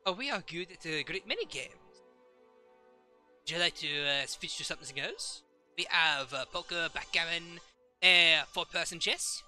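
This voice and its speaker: A man voicing a calm, courteous masked traveler who invites others to play cards. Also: on the high side, faint music behind. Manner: polite, measured.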